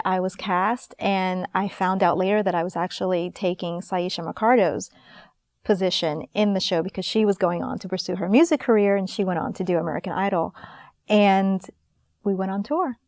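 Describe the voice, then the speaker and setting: A woman in her thirties, an actress guest in an interview, telling stories in a lively, animated way. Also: medium pitch, no room sound, studio quality. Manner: lively, animated storyteller, laughs often. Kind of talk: casual storytelling in an interview.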